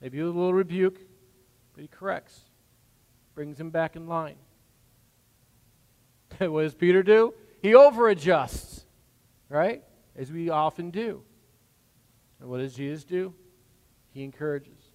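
A man preaching a sermon as pastor, swinging from hushed, gentle passages to loud, emphatic lines. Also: fairly high pitch, a little slow, pauses often. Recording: long hall reverb.

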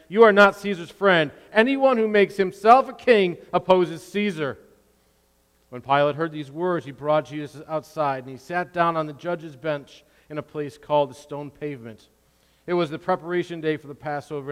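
A man's voice: fairly high pitch, clear, resonant tone. A man reading scripture aloud in a sermon, adding asides, then leading a prayer in a church. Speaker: pastor. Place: church hall. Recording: long hall reverb.

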